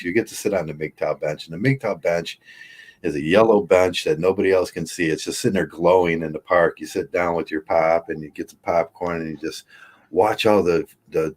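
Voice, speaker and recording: A man chatting casually on a podcast, an animated storyteller who laughs often. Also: deep voice. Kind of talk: casual chat.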